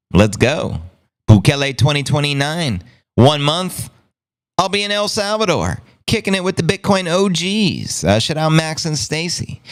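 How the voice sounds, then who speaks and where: A man hosting a podcast, reading news with brash, jokey, slangy commentary. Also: a little high. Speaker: podcast host.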